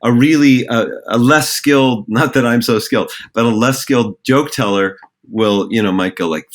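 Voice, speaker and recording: A man's voice: mid-range voice, normal speed, hardly any pauses. A middle-aged man, a theater director, explaining acting ideas in a reflective, rambling way with many fillers and restarts. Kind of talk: conversational podcast explanation.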